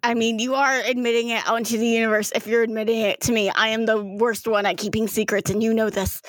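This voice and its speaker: A woman as a brash friend who swears freely: fairly high voice, dry and close. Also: level tone, fast, dry recording, natural voice. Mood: blunt. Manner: blunt and crude, swears freely. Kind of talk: in-character tabletop role-play.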